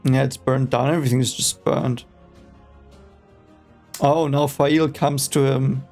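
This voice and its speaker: A man's voice: medium pitch, steady tone, slow pace, a little mellow, faint music behind. A man whose first language is German, casually reading a book aloud for the first time and reacting with rambling, hesitant, exasperated asides.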